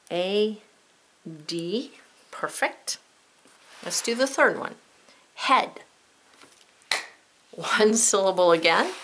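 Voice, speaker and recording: A woman's voice: medium pitch, fairly bright tone. A woman teacher giving a patient, step-by-step spelling lesson, spelling words out letter by letter and checking in with young learners. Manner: addresses young learners directly with friendly checks.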